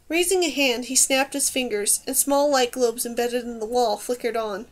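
Woman audiobook narrator, measured and even, high-pitched.

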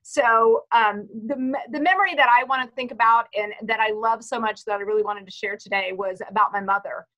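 This Texas woman, president of a cruise business, sits on a panel and chats casually, restarting her story again and again. Her voice is a little high and quick, with a sharp tone, few pauses, and a muffled recording.

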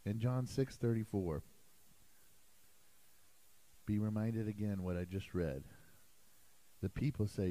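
Emphatic, animated preaching man. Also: on the low side, slow, pauses often, rough recording. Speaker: pastor. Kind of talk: sermon. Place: church sanctuary.

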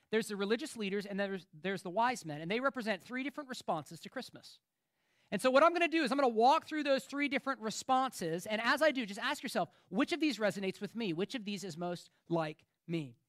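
A man's voice: high-pitched, fairly bright tone, dry recording. Man preaching, dry close sound. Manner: conversational preaching, frequent "right?" asides. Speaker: pastor. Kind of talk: sermon.

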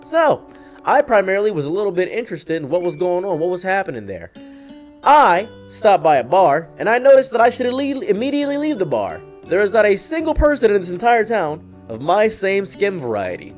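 Brief: young male host, comedic storytime, deadpan and wry, fairly high voice that swings a lot. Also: brisk, soft background music. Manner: deadpan, mock-dramatic, wry.

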